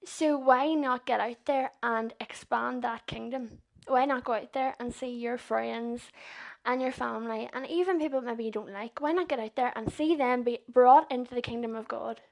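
A young woman with a Northern Irish accent preaches in a chatty, earnest way. Her voice sits high, and she keeps turning to her listeners with questions. The talk sounds loose and unscripted, more like a conversation than a formal sermon. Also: moderate pace, vocal fry, hardly any pauses. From Northern Ireland. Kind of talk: informal sermon.

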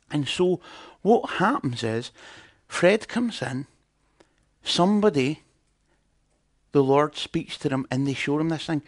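A man's voice: medium pitch, creaky, no room sound, studio quality. A man preaching in a conversational teaching style, chatting and putting questions to his audience.

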